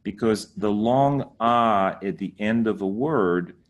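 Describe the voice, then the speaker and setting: Casual male teacher, slightly low voice, teasing, mock-exasperated delivery. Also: slow pace, lo-fi sound. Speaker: Sanskrit teacher. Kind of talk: casual spoken tutorial.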